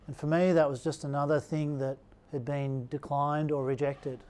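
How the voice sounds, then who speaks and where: A man's voice: on the high side, normal speed. Australian man telling his story. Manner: relaxed anecdotal storytelling with acted quotes. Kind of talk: storytelling talk.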